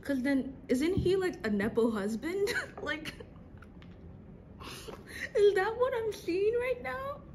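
A young woman casually reacting to a TV drama episode, excitable and slangy, laughing often. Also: very high voice, slow, pauses often, background noise. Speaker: reaction video host.

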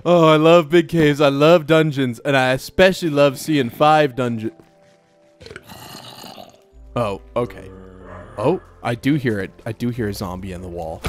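An excitable man talks through a game at home, his voice swooping all over the place and jumping into high shrieks and laughter. Between outbursts he takes his time, drawing out his words at an unhurried pace. He speaks into a close desk mic with a windscreen, with faint game music underneath. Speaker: let's play gamer. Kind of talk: casual gameplay commentary. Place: home room with his puppy nearby. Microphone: desk mic with windscreen and headphones.

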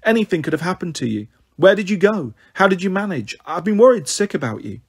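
A man voicing a kind male schoolteacher who talks gently and apologetically in a storybook reading. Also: high-pitched, sing-song, fast, breathy edge, pitched above the performer's own voice, heavily acted. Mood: apologetic.

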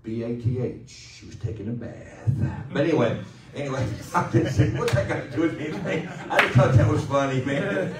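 A male pastor preaching a sermon in a loose, conversational way, joking and pausing for the congregation to answer. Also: medium pitch, very animated, roomy sound, recorded from a distance, noisy background. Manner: conversational, joking, with call-and-response. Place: church sanctuary.

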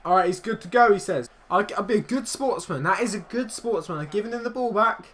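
A young man giving excitable, swearing commentary over his own football video game match, teasing his opponent. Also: sits high, brisk, slight background noise. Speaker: gaming YouTuber. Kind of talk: live gameplay commentary.

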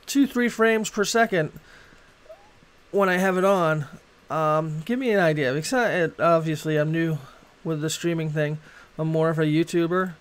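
Rambling, cursing game streamer with a high voice. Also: male voice, smooth. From Boston, USA. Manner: rambling, swears freely. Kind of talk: casual gaming livestream chat.

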